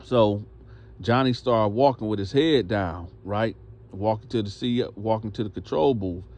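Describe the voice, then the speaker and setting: A man's voice: lowish voice, normal speed. A man telling a story in a casual way, acting out the voices of the people in it. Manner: animated, acts out voices.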